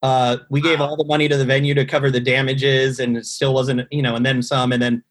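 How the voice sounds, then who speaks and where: A man's voice: medium pitch, little pitch movement, a little fast. A man casually telling a long, rambling story on a podcast, swearing often and full of fillers. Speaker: guest telling a tour story.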